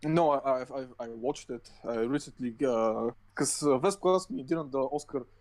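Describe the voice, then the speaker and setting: A man's voice: mid-range voice, moderate pace, a little mellow, low-quality recording. A man co-hosting a podcast in casual chat, rambling and swearing often, with many fillers and restarts. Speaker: podcast co-host.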